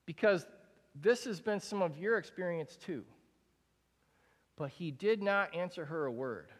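A young man preaching a sermon to a congregation in a large room, speaking in a candid, conversational way with frequent casual fillers. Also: fairly high pitch. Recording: long hall reverb.

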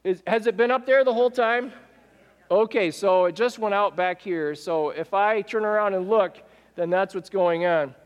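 A man preaching a sermon as pastor. He talks in an animated way, acts out quoted speech and puts questions to the congregation in a church sanctuary. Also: sits high, moderate pace, big-room sound, highs cut off.

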